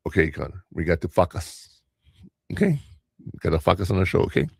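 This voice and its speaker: A man's voice: low voice, big pitch swings, creaky, a little mellow, husky, no echo, clean studio sound. An older man, a comedian hosting a podcast, telling rambling stories in casual chat. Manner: rambling storyteller, quick asides. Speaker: podcast host and stand-up comedian.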